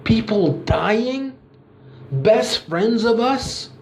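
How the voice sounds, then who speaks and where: A man's voice: sits high, expressive, drawn-out words, echoey room, a little hiss or hum, voice pushed up, exaggerated voice. A man doing an indignant wrestler calling out his boss. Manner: accusing string of rhetorical questions.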